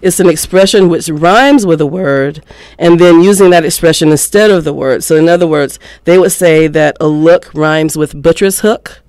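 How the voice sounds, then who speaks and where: A man hosts a casual radio talk, lively and explanatory, laughing easily. His voice sits fairly high and sounds smooth and clear. The studio microphone gives a close, dry sound. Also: normal speed, no echo. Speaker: radio show host.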